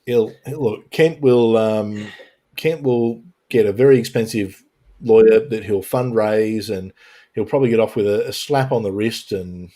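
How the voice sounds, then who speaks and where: A man's voice: lowish voice, measured pace, mellow. A man hosting a casual panel chat on a live stream, joking and sarcastic, with mock-serious bits, talking into a home mic on a video call.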